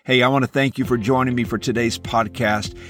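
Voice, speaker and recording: A man hosting a devotional podcast, speaking in an earnest, measured and encouraging way as he delivers a scripted message. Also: medium pitch, fairly even intonation, fairly bright tone, soft background music.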